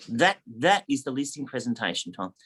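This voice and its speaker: A man, a real estate agent telling a story and coaching in a casual, animated way. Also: medium pitch, a little hiss or hum. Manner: animated anecdote teller, lively, acts out quotes.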